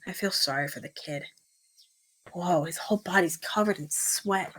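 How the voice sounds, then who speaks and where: A woman's voice: lowish voice, normal speed, a bit bright, slight background noise, natural voice. A woman voicing an anxious male kidnapper in close to her own voice, fretful and hesitant. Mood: worried. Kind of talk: reading a visual novel aloud with voices.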